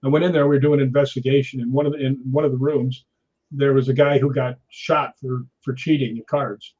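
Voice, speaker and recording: Brief: man, 60s, stuntman guest, husky raised voice, animated storyteller, dull lo-fi recording. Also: mid-range voice, fairly quick. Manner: lively, laughs often, acts out others' lines. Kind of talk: anecdotal storytelling.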